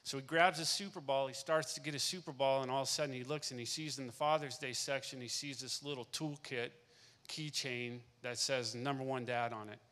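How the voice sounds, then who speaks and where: A man's voice: medium pitch, fairly even intonation, fairly quick, a bit bright. A middle-aged man giving an emotional testimony in a church service, repeating phrases as he tells a family story. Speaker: guest speaker. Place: church sanctuary. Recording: long reverb of a large hall.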